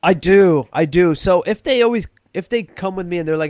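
A man's voice: sits high, moderate pace, a little mellow, no echo, clean studio sound. A man talking as a guest on a podcast, rambling casually with many restarts and self-corrections. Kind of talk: casual chat.

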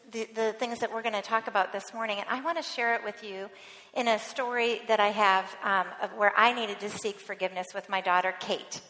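A woman's voice: on the high side, sharp tone. A woman in her thirties giving an earnest sermon in a church, telling a story from her family life. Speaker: church speaker. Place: church sanctuary. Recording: long reverb of a large hall.

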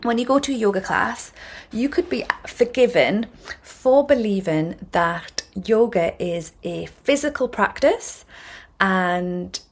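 A woman's voice: mid-range voice, animated, slow pace. A woman hosting a yoga podcast, explaining ideas in a chatty, self-correcting way with frequent restarts. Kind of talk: casual explanatory talk.

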